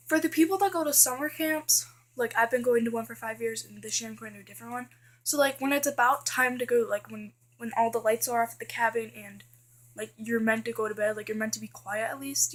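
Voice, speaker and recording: A teenage girl chats through a casual list vlog, griping about things that annoy her and packing her talk with fillers. Her voice is a little high, steady in tone and brisk.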